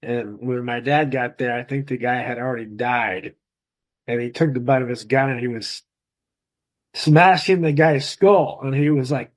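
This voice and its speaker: A man's voice: medium pitch, unhurried, pauses often, poor audio. A man recounting his father's story in a casual, emotional way as an interviewee. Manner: emotional, retelling intensely. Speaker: interviewee, son of the subject.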